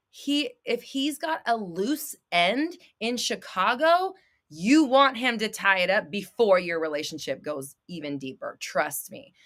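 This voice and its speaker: A woman hosting a live stream as a manifestation coach, talking bluntly and sassily with plenty of swearing, sometimes flaring into a shout and then laughing it off. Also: on the high side. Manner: blunt, profane and sassy. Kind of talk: live-stream advice talk.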